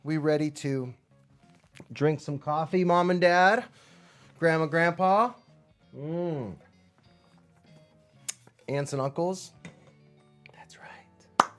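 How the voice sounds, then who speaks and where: A man hosting a live music and movement lesson for children, chatting straight to the kids in an upbeat way and often dropping to soft, near-whispered asides. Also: fairly high pitch, drawn-out words, long pauses. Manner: swings from loud excitement to soft near-whispers. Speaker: children's music teacher and host. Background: faint background music.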